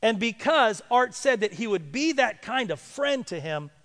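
High-voiced preacher man in a hall. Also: very animated, moderate pace. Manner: storytelling, rising to loud emphatic preaching. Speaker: pastor. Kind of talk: sermon.

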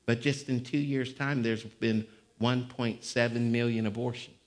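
A male pastor preaching a sermon, swinging between conversational talk and sudden shouts. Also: mid-range voice, fairly even intonation, unhurried. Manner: fiery, shouting bursts between conversational stretches. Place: church. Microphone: live-streamed service mic.

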